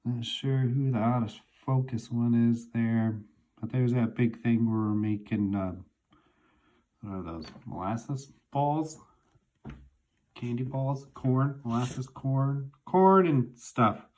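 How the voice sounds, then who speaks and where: A man in his forties talks through a box of old photographs in a slow, musing voice. He seems half to be talking to himself, with pitch sitting in the ordinary middle for a man. Easygoing, reflective, in no hurry at all. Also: a little mellow. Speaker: vlogger looking through childhood photos. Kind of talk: casual reminiscing monologue.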